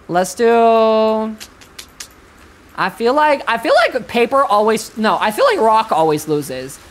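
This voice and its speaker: A young woman streaming a horror game, chatting with sassy, profane slang and reading the game's lines aloud, going from low mumbles to sudden shrieks. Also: very animated, slow. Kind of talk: casual live-stream commentary, reading game dialogue aloud.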